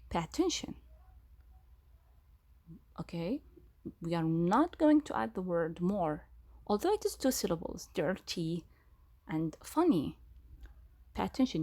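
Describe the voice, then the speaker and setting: Slow, gravelly woman teacher. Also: fairly low pitch, darkish tone. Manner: slow, repeats key words, asks questions. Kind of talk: grammar lesson.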